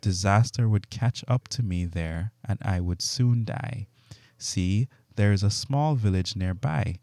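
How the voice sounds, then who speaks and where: Guy reading a nervous man begging, low mellow voice, dry sound. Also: measured pace, dry recording. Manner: begging, urgent. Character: anxious begging male host.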